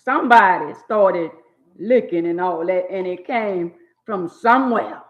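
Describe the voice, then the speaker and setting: An older woman, scolding in a blunt, preachy monologue on her channel. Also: fairly low pitch. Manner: drawn-out emphatic words. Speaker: channel host. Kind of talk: opinionated monologue. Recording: dull lo-fi phone audio.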